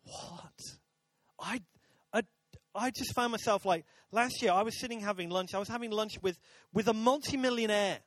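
A man's voice: sits high, moderate pace, a bit bright, dry recording. A man preaching a sermon to a congregation in a church, chatty and jokey, talking with the crowd. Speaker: pastor. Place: church auditorium.

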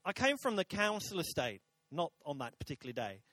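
A man's voice: on the high side, sing-song, a little fast, sharp tone, no echo. A man preaching a sermon to a congregation in a church, chatty and jokey, talking with the crowd. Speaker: pastor. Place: church auditorium.

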